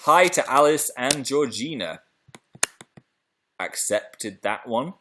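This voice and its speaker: A man's voice: medium pitch, takes it slowly, long pauses, pushed and bright, slight background noise. A young British man hosting a casual live stream, chatting playfully and reading out viewer comments. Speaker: livestream host.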